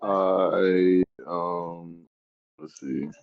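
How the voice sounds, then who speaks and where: A man's voice: sits low, fairly even intonation, very slow, creaky. A man playing a tabletop game, hesitant and full of fillers. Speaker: player. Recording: dull lo-fi audio.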